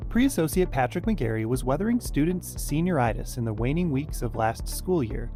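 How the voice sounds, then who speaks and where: A man hosting a podcast, reading scripted narration in a measured way. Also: medium pitch, big pitch swings, over music. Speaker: podcast host.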